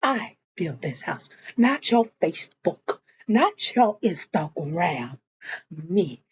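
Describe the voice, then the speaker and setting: A woman voicing a stubborn, indignant grown man, lowering her voice into a gruff, dismissive tone. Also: very animated, takes it slowly. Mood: defiant. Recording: dull lo-fi audio.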